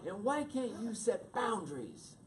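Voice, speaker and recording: A man's voice: sits high, big pitch swings, measured pace, voice pushed up. A man voicing his young wife in a story, reproachful and pointedly questioning. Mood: indignant. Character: young wife, hurt and indignant. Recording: distant mic with noise.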